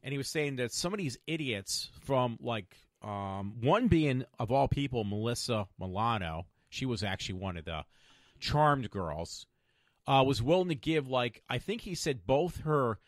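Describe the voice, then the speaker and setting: A man's voice: medium pitch, expressive, measured pace, dry recording, studio quality. A man hosting a solo podcast, rambling through opinionated commentary with lots of fillers and self-corrections. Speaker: podcast host.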